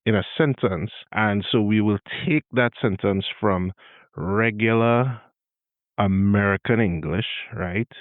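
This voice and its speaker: A man with a Trinidadian accent hosting a podcast, teaching in a good-humored way and slowly spelling out sounds to show them. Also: lowish voice, dry recording. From Trinidad and Tobago. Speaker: podcast host. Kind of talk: explanatory monologue, tutorial. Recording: dry, tinny phone-like sound.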